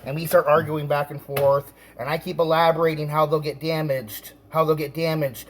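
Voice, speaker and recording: A man telling a story in an angry rant, stammering and repeating himself, now and then bursting into shouts. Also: a little high, flat delivery, a little fast, hardly any pauses. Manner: many restarts and stammered repeats. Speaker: vlogger.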